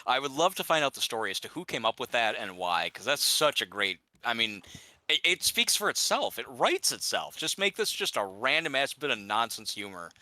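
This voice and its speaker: Casting: young guy, lively pitch, very bright tone, dry close sound, rambling gamer chat full of restarts. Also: fairly quick, dry recording, rough recording. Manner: rambling, stumbles over words, laughs often. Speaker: gamer chatting with friend. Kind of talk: casual chat while gaming.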